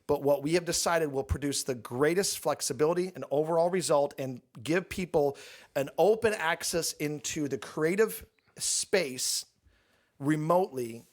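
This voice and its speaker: A man's voice: fairly high pitch, normal speed. A man, a pastor, talking candidly and at length in a casual church question-and-answer session, with the odd dry joke. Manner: candid, joking, explains at length.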